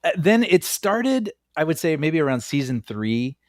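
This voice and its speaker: A man co-hosting a film podcast in casual chat, giving measured opinions and laughing easily. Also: on the high side, very animated, no room sound, clean studio sound. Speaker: podcast co-host.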